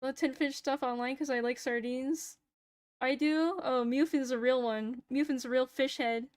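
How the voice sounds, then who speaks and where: High-voiced young woman chatting on stream. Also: steady tone, moderate pace, a little mellow, no echo, studio quality. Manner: swears freely, laughs, self-deprecating. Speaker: VTuber streamer. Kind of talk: casual stream chat.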